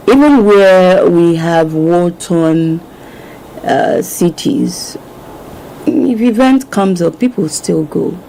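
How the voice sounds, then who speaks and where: Gravelly-voiced Nigerian woman radio host. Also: lowish voice, mellow, slight background noise, rough recording. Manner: chatty, laughs often, mixes in Yoruba phrases. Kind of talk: casual radio talk show chat. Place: radio studio.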